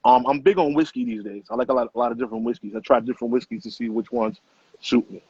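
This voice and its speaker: A middle-aged man speaks as an author guest, telling stories at a rapid clip in loose, profane street slang. His voice is husky. The sound is dry and muffled, with a lo-fi tone. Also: medium pitch, fairly even intonation, mellow, dry recording. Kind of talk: casual interview storytelling.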